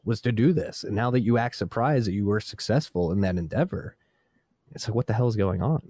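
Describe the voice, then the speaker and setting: Casting: low, dark-toned male co-host, exasperated profane ranter, close dry mic. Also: dry recording. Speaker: podcast co-host. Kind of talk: casual chat.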